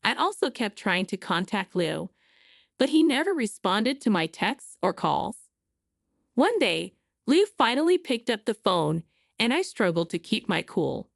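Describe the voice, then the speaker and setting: A woman narrating a first-person story in an earnest, expressive way. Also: medium pitch, unhurried, creaky, dry recording, clean studio sound.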